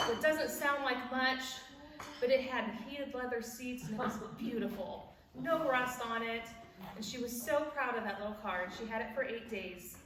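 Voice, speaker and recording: Laughing as she goes, a woman in her forties shares a personal, devotional story at a church event, her voice a little high as she imitates the voices of people she quotes. The warm telling is heard from a distance in an echoey church hall, with background noise.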